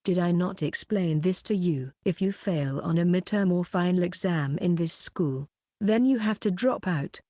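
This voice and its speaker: A woman's voice: fairly low pitch, normal speed, mellow, dry recording, studio quality, lightly acted. A woman voicing a stern, cold female homeroom teacher with a cutting, mocking manner.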